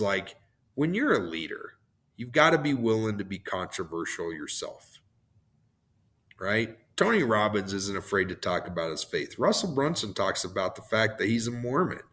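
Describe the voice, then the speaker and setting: A man hosting a motivational podcast, his voice hoarse and worn out, rambling off on tangents and laughing at himself. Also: fairly low pitch, sing-song, measured pace, a bit bright. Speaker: podcast host.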